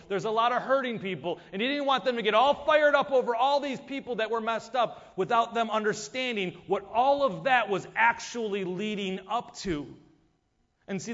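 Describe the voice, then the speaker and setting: A male pastor preaching a sermon, moving between hushed quiet asides and loud, emphatic passages. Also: high-pitched. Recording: dull sound with long hall reverb.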